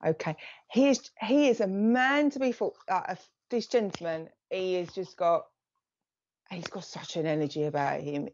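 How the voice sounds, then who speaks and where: A woman's voice: lowish voice, normal speed, a little mellow. Chatty woman medium, lo-fi stream. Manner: chatty, relays messages in bursts, thanks viewers by name. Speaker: psychic medium giving live readings. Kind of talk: live-stream reading to viewers.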